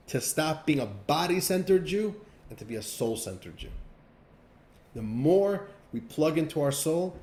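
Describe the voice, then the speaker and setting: A man teaching a class as a rabbi, speaking in an expressive, emphatic style. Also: a little high, reverberant. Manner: expressive, emphatic, pacing changes often. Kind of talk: animated lesson with storytelling.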